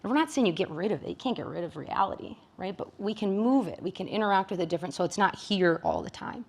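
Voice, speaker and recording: A woman's voice: medium pitch, expressive, quick pace, creaky. A woman psychologist from Michigan giving a talk to caregivers in a conversational way, often checking in with her listeners. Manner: conversational, frequent tag questions. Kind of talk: presentation to caregivers.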